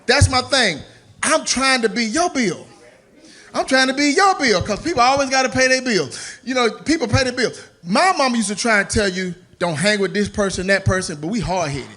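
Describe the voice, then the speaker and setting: A man's voice: very high-pitched, animated, normal speed, bright, forceful tone. A man doing a stand-up comedy set on stage, loose and playful, slipping into character voices. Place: comedy stage before a live audience.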